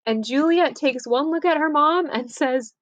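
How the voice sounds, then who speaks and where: Chatty woman teacher, high dry voice. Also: measured pace, no room sound, rough recording. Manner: chatty, lively, acts out quotes. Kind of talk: casual summary of a play.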